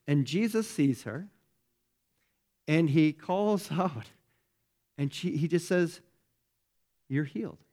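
A man's voice: fairly high pitch, lively intonation, slow, long pauses, dark tone. A man preaching a sermon as pastor, speaking conversationally and tagging many lines with rhetorical questions. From United States.

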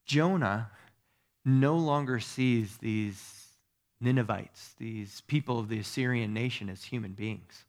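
A man's voice: medium pitch, takes it slowly, darkish tone. Man preaching with conversational tag questions. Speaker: pastor. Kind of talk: sermon.

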